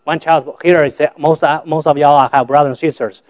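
A man from China, giving a church testimony in halting, simple English, often repeating and restarting words. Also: fairly high pitch, fairly even intonation, dull audio. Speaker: guest speaker giving testimony.

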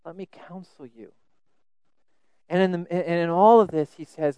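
Earnest preacher with a smooth voice. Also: male voice, high-pitched, measured pace, dry recording, low-quality recording. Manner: earnest, repeats words when emphasizing; swings between loud emphasis and soft asides. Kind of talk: sermon.

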